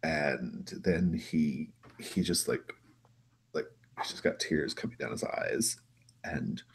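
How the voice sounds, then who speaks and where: A man narrating as game master of a tabletop role-play in a relaxed, halting way. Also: extremely low pitch, a little hiss or hum.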